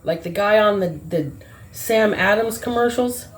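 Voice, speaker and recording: Slow-talking woman spelling out readings. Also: mid-range voice. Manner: musing, spells out letters slowly. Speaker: spiritual reader. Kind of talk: casual word-game reading.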